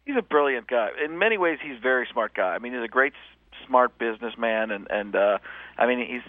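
A male comedian and impressionist, chatting in a radio phone interview from a hotel room, lively and quick to slip into voices. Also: mid-range voice, no echo. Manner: animated, jumps into voices and laughs at his own jokes. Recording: tinny phone line, dry.

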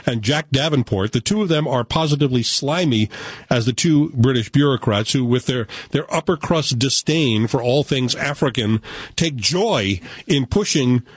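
An American man reviewing a film in casual radio chat, animated and opinionated with a joking streak. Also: medium pitch, moderate pace, breathy edge, dry recording. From United States. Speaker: film critic.

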